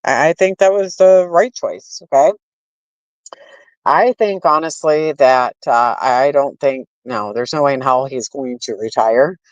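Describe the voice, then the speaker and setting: A woman's voice: very deep voice, a little slow, dry recording. A woman giving a casual opinion rant to her viewers, blunt and full of swearing and fillers. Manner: addresses viewers directly. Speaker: commentary streamer. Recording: dull lo-fi stream audio.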